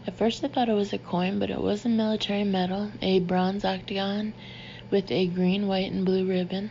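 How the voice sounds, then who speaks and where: A woman reads an audiobook in the first person, steady and measured. Her pitch stays flat from line to line. The recording sounds slightly dull, with a faint hiss underneath. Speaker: audiobook narrator. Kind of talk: first-person scripted narration.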